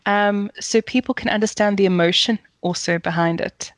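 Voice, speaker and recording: A woman's voice: mid-range voice, fairly even intonation, moderate pace, no echo. South African female communications coach, explains patiently and demonstrates, dry recording. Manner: explanatory, demonstrates intonation examples. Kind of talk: podcast interview, explaining.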